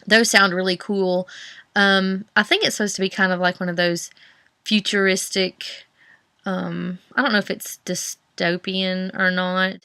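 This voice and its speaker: A woman's voice: mid-range voice, little pitch movement, unhurried, sharp tone, clean tone, no echo. A young woman with a Southern US accent, chatting casually about books on her vlog, rambling with many fillers and restarts. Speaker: book vlogger. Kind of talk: casual chat.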